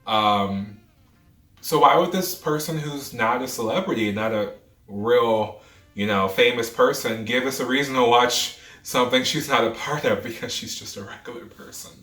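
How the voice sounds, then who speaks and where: A man's voice: medium pitch, normal speed, sharp tone, far from the mic. A man in his twenties animatedly retelling a true story, dramatic and full of asides. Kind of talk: storytime vlog. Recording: roomy echo, off-mic, faint music.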